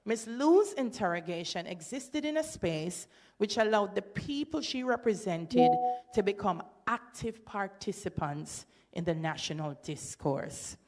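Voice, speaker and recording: A woman with a Jamaican accent giving an academic presentation at a symposium, breaking into lively patois quotes. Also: medium pitch, a little slow. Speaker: symposium speaker. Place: lecture hall.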